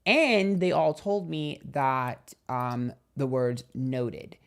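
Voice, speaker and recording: A man's voice: mid-range voice, very slow, creaky. A young man hosting a livestream tarot channel, telling stories in a chatty, gossipy way and swearing freely. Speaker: tarot reader and livestream host. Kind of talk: casual livestream chat.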